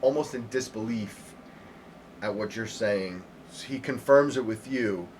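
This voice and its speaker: A man's voice: fairly low pitch, measured pace, slight background noise. Guy running a tabletop game, loose and chatty, lots of likes. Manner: loose, chatty narration with fillers. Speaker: game master.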